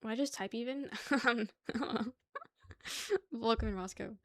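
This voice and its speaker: A woman's voice: fairly high pitch, unhurried, dry recording, clean studio sound. A young woman hosting a casual livestream, chatting loosely with her viewers, swearing and laughing often. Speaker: livestream host. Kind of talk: casual chat with chat.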